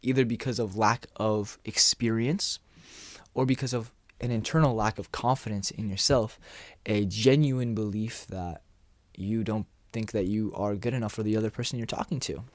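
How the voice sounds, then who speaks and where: A man coaching viewers on confidence and dating in a relaxed, conversational way, sometimes acting out short exchanges. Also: lowish voice, moderate pace, dry recording. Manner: relaxed, conversational, acts out little dialogues. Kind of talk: casual talking-head advice.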